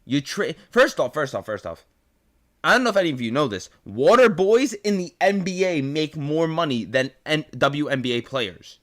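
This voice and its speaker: Young man, New York accent, ranting host, profane, incredulous, fairly high voice, very animated pitch. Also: normal speed. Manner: incredulous, swearing, repetitive rant.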